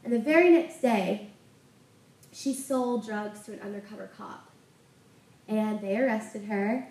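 A woman's voice: medium pitch, measured pace, darkish tone. A woman preaching a sermon, telling a testimony story with passion. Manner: impassioned storytelling. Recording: roomy sound from a distant mic.

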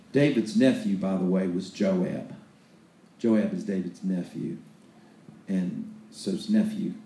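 Deep-voiced man preaching in an echoey room. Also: mellow, slight background noise. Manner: loose, conversational storytelling with restarts and acted-out quotes. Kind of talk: sermon retelling Bible stories.

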